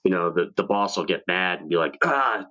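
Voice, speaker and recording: A man's voice: deep voice, steady tone, fairly quick, fairly bright tone, highs cut off. A man from New York hosting a casual chat show, swearing freely and laughing often. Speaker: podcast host.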